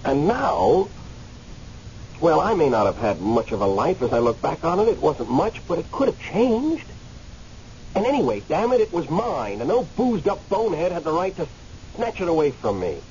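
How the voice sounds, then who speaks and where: Playing a man who has just died and lingers in limbo, this radio-drama actor has a voice on the high side with a darkish tone, big pitch swings, and a normal speed. His angry, pleading character comes across as earnest and agitated, at times hesitant and stammering, elsewhere impassioned. Faint hiss runs under the muffled radio sound.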